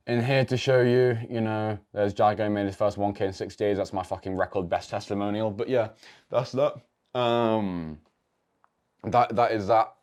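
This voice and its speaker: In an indoor room lit by a projector, a teenage English guy who makes online coaching content runs a screen-share tutorial on coaching, rambling and blunt, packed with slang and swearing. His voice is fairly low and a little mellow.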